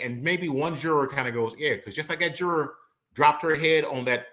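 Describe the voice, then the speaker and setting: Bright-voiced man acting out courtroom lines. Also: medium pitch, fairly quick. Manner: animated, acts out courtroom quotes, slangy asides. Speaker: criminal and appellate attorney, guest. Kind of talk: casual legal analysis chat.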